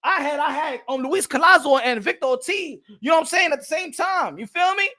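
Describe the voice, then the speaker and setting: A high-pitched man with a bright, sharp voice rants loudly about boxing as a channel host. He repeats himself often and tosses in "huh?" between lines. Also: animated, fairly quick. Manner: loud, repetitive, trash-talking, keeps asking "huh?". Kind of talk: casual rant to camera.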